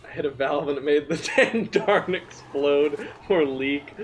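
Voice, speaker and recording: Giggly excitable male streamer. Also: a little high, unhurried, a little hiss or hum. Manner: giggly, excitable, talks to chat. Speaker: streamer host. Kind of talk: casual gameplay chat with chat.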